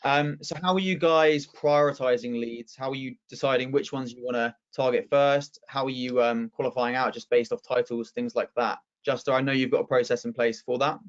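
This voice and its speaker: A man moderating a video call panel, moving things along briskly and asking the panelists questions. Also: medium pitch, fairly even intonation, muffled recording.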